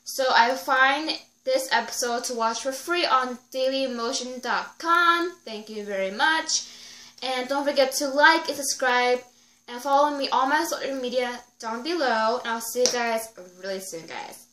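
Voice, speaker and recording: A young adult woman giving a rambling, excitable recap of an episode, full of 'like' fillers. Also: high voice, unhurried, roomy sound. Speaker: video reviewer.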